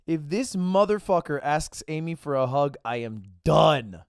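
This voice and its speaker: A man streaming live and reacting to a video with animated, profane, mocking commentary. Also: on the high side, measured pace, vocal fry, clean tone, no room sound, clean studio sound.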